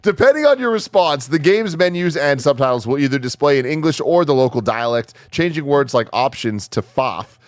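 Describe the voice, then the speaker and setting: A man hosting a games podcast, reading a review aloud in a steady, amused way. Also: a little high, fairly quick, hardly any pauses, dry recording. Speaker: podcast host.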